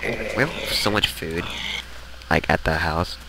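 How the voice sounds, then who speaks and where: A man bantering playfully as he records a let's play. His voice sits very low with a gravelly fry. A steady hiss runs through the home recording. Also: slow pace. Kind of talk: casual gaming chat. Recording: hissy home game capture.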